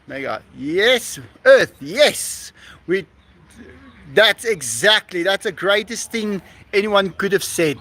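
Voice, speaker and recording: A man's voice: high-pitched, very noisy. A man hosting a casual live stream outdoors on a rooftop, effusive and laughing often as he reads out donations.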